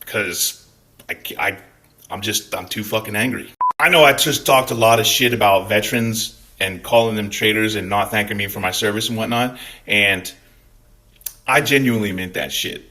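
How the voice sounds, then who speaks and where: A man's voice: on the low side, normal speed, bright, forceful tone. A Scottish man hosting his own channel, talking bluntly in an angry vlog rant full of swearing. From Scotland. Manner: blunt, heavy swearing, fired up. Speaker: channel host.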